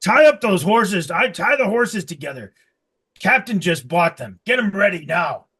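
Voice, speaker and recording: A man's voice: medium pitch, lively intonation, unhurried, breathy edge. A man voicing a big, nervous and greedy half-orc horse trader who stammers while he haggles. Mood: barking.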